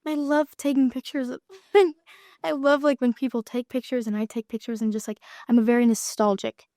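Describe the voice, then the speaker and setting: An actress chatting as an interview guest, giggling often and trailing off with lots of fillers. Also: female voice, a little high, level tone, moderate pace, warm tone, dry recording, studio quality. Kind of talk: casual interview chat.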